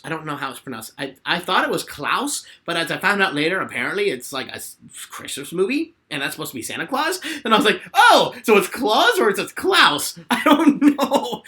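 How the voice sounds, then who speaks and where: A man's voice: fairly high pitch, sharp tone. A young man casually chatting on a live stream at home, answering viewer questions with rambling, laughing talk. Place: home room with bookshelf.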